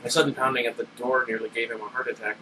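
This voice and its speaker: A man's voice: medium pitch, rapid-fire, distant mic. Brief: male amateur reader narrating a novel, casual, self-correcting, mic set back, constant air-conditioner hum. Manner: animated voices, stumbles and corrects himself aloud. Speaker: narrator reading a novel aloud. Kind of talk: casual read-aloud storytelling.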